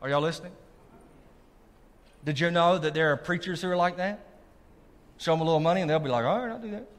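Pastor, man, lively sermon delivery, slightly high voice, long hall reverb. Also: a little fast. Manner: animated preacher, asks the congregation if they are listening. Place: church sanctuary.

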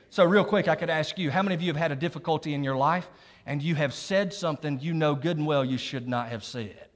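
Preaching in a church sanctuary with long hall reverb, a middle-aged pastor with a rather high voice speaks quickly, keeping it conversational and joking with the congregation between scripture readings.

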